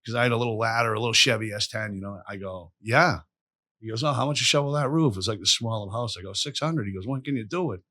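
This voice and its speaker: A man with a lowish voice talks fast as a podcast guest, an animated storyteller rambling through profane tales in a casual interview. The recording is dry and studio quality.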